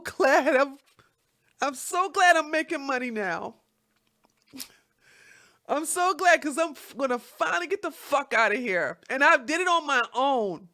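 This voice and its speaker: A woman's voice: high-pitched, bright, forceful tone. A woman hosting a livestream, ranting bluntly and heatedly with lots of swearing, and stopping to read viewer comments. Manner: reads viewer comments aloud. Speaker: livestream host. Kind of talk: profane livestream rant.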